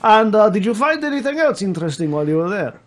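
Guy putting on a deadpan helmeted commander, broken english, kinda high and slow. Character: red-helmeted male commander, dry and odd.

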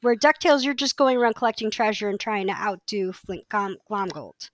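A woman's voice: medium pitch, expressive, moderate pace. A woman co-hosting a podcast in casual chat, enthusiastic and chatty, often restarting her sentences. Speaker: podcast co-host.

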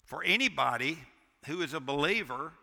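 A man in his sixties preaching with fervor from the pulpit. His voice is bright and forceful with a gravelly edge, and swings from loud to hushed. Long church reverb trails every word. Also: on the high side, lively intonation, moderate pace. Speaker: pastor. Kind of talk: sermon. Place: church sanctuary.

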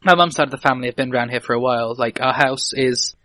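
A man's voice: mid-range voice, fast talker, pushed and bright, dry recording. A young man from England, chatting enthusiastically on a podcast and often stammering and restarting his sentences. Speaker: podcast co-host. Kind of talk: casual chat.

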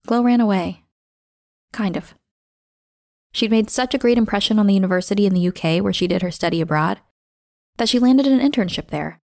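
A woman hosting a show, reading a scripted story in a measured, expressive way that slows down for emphasis. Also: mid-range voice, creaky, no room sound, studio quality. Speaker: podcast host and narrator.

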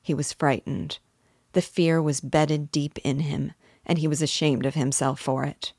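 A woman narrating a novel aloud in a steady, measured way. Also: deep voice, slightly rough, dry recording, clean studio sound.

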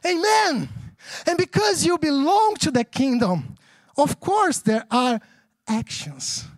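A man with a notably high voice preaches a sermon in English, which he learned as a second language. His pastoral delivery is animated and chatty, and he keeps asking the room if they follow him. The sound is close and dry. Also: takes it slowly, no echo. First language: not English. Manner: animated, conversational preaching with frequent audience check-ins.

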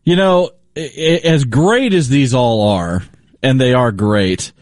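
A man co-hosting a sports radio show, chatting in a lively, casual way. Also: medium pitch, slow, no room sound, studio quality.

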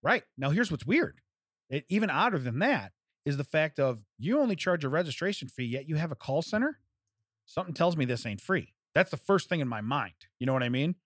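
Animated man telling a story. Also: a little high, brisk, dry recording, studio quality. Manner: animated storyteller, acts out both sides of a phone call, laughs often. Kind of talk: casual storytelling chat.

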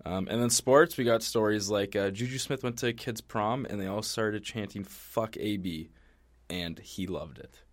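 Laid-back low-voiced male podcast co-host. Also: normal speed. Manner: laid-back, swears a lot, jokey. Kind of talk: casual podcast chat.

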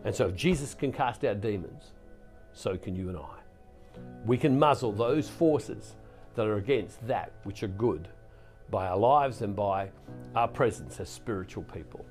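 A man's voice: fairly low pitch, lively intonation, unhurried, darkish tone, soft background music. A man preaching as a Catholic minister, teaching on scripture in an earnest way, with restarts, and reading passages aloud with more force.

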